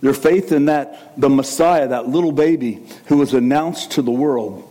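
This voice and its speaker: Animated male pastor preaching. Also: mid-range voice, normal speed. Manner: conversational, with asides and self-corrections. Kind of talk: sermon.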